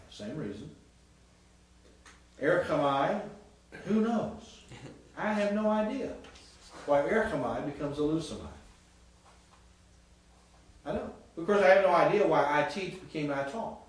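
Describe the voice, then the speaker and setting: A male Greek professor giving a chatty classroom lecture, quizzing his students and sounding out words. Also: a little high. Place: seminary classroom. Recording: echoey classroom, mic far off, faint hiss.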